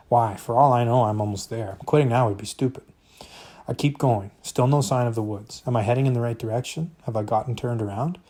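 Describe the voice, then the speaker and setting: Mellow husky man reading aloud. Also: mid-range voice. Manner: expressive first-person narration. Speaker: reader.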